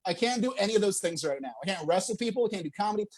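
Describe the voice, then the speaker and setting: Young male stand-up comic, animated delivery, chuckles through his set, works the crowd. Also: high voice, rapid-fire. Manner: animated, laughs between jokes, crowd work. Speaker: stand-up comedian.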